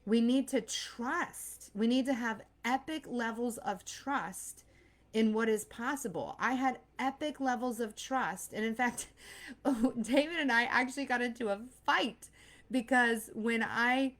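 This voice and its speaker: A pregnant woman in her thirties, working as a mindset coach and host, delivers an earnest yet casual motivational talk, frequently acting out anxious inner voices. Her voice is fairly high and fairly bright, and she speaks in an unhurried way.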